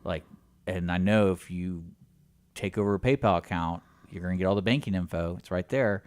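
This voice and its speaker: A man's voice: low-pitched, a little fast, no echo. A man co-hosting a radio talk show, telling a story in a rambling casual way. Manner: rambling, many fillers and restarts. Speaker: radio co-host. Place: radio studio.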